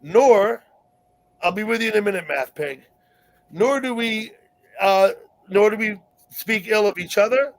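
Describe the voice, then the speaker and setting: A man's voice: high voice, measured pace, long pauses, poor audio. A man hosting a casual online group chat, keeping order among the guests. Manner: moderating, calming others down. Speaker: livestream host.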